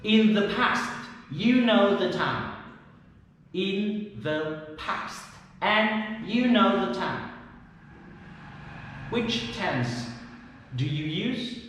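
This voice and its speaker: A man with a Vietnamese accent teaching English pronunciation, speaking slowly and carefully and repeating words as drills. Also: high voice, lively intonation, a bit bright, very echoey, long reverb tail, far from the mic, slight background noise, low-quality recording. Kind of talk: pronunciation lesson talk.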